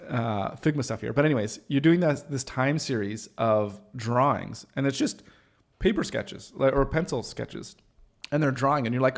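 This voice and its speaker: A man's voice: mid-range voice, moderate pace, gravelly. A man with a Canadian accent hosting a casual chat as a web designer, rambling loosely with many fillers and self-mocking laughs. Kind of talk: casual chat while working on screen.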